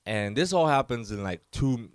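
A man hosts his podcast alone, telling a rambling story in a casual, animated way. His voice is smooth and clear, recorded dry and close with no room sound. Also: medium pitch, normal speed, no room sound. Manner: animated, loose storytelling full of fillers and quoted voices. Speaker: podcast host.

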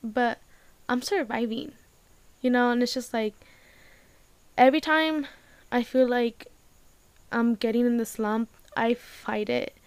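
Young woman, smooth and close. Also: on the high side, steady tone, takes it slowly, pauses often, no room sound. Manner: rambling, emotional, heavy use of "like", swears casually. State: tearful. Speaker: vlogger. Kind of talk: casual personal talk to camera.

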